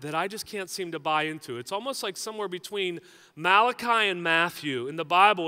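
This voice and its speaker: High-voiced, bright-toned male pastor preaching. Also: smooth, long reverb tail. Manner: conversational and joking, with frequent "right?" asides. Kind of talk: sermon.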